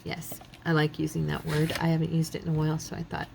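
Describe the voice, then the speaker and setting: A woman chats to her viewers while crafting at home, thinking aloud in a relaxed, self-deprecating way. Her voice sits low with a gravelly fry. A faint hiss runs behind her. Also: fast talker. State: yawning, relaxed. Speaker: craft channel host. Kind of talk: casual crafting chat to viewers.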